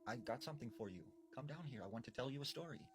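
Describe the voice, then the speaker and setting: Man doing a high coaxing old witch woman. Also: animated, very fast, noisy background, natural voice. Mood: luring. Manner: sweet, luring, coaxing.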